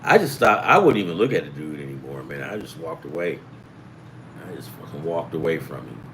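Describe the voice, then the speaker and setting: A man's voice: rumbling low, big pitch swings, fairly quick, a bit bright, slight background noise. A middle-aged man from the US East Coast telling rambling, profane stories in a casual sports betting show, acting out the voices of people he quotes. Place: home in California.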